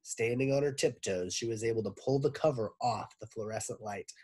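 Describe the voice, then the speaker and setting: A man, a teacher, reading a children's book aloud with expressive narration. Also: medium pitch, a little fast, slightly rough. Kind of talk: storybook read-aloud.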